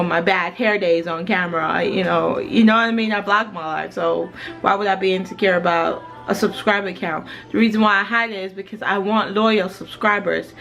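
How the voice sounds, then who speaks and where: A woman in her thirties from Jamaica, a family vlogger, chats casually to camera in a home vlog, rambling and saying "you know" a lot. Her voice is medium-pitched with a fairly bright tone, and the audio is poor.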